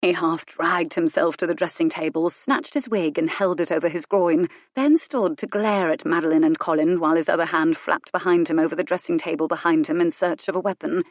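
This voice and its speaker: A woman narrating a romance audiobook in a measured, wry storytelling manner. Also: lowish voice, dry recording, clean studio sound. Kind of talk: scripted narration.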